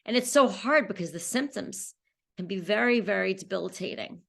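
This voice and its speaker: A woman's voice: mid-range voice, lively intonation, moderate pace, creaky, a bit bright. A woman in her forties, a cancer survivor, telling her personal story in an interview with candid talk and frequent fillers and restarts.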